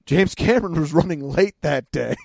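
A man's voice: fairly high pitch, expressive, moderate pace, gravelly, a little mellow, no room sound, clean studio sound. A man chatting casually as a podcast co-host, telling stories with frequent laughs, fillers and restarts. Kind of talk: casual chat.

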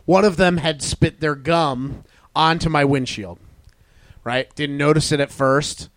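A man co-hosting a podcast, telling animated stories in casual chat. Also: a little high, unhurried, no echo. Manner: animated storyteller, stubborn bragging. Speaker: podcast co-host.

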